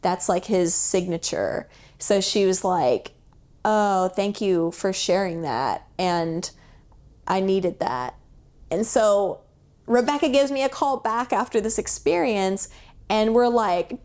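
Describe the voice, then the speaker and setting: Woman guest, casual storyteller, mid pitch, animated, acts out quoted lines. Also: measured pace. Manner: chatty, with fillers like "like" and "um". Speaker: podcast guest.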